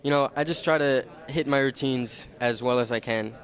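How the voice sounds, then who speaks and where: A man's voice: mid-range voice, normal speed, fairly bright tone. A young man, an athlete, answering interview questions in a candid, rambling way. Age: young adult. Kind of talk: post-competition interview.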